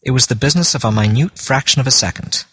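A man reading a classic story aloud as an audiobook narrator, in a measured storytelling manner. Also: medium pitch, fairly bright tone, husky, no room sound. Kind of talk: scripted narration.

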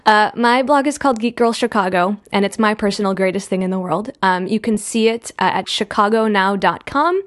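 A woman's voice: medium pitch, brisk, few pauses. A woman guesting on a casual podcast, chatty and bubbly. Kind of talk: casual chat.

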